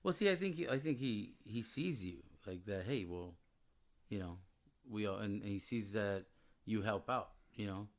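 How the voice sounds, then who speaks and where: A man's voice: fairly low pitch, normal speed. Chatty man, laughing anecdotes. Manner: chatty, laughs while telling anecdotes, acts out quotes. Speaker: podcast co-host. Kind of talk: casual chat.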